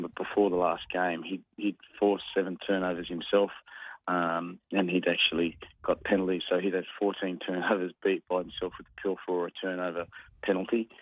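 A man's voice: low-pitched, husky, dry recording. An Australian man, a rugby commentator, talking earnestly over the phone on a radio show, with lots of ums and restarts. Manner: hesitant, many ums, earnest. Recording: dry tinny phone line.

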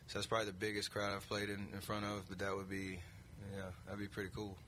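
Athlete guy in his 30s, low flat voice, kinda hesitant in an interview clip. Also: fast, a little hiss or hum. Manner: relaxed, hesitant. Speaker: professional athlete. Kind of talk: interview answer.

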